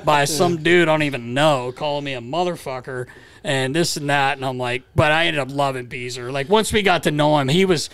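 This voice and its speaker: A man's voice: fairly high pitch, a little fast, a bit bright. A man in his fifties co-hosting a podcast, telling stories in a rambling, profane, casual way. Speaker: podcast co-host.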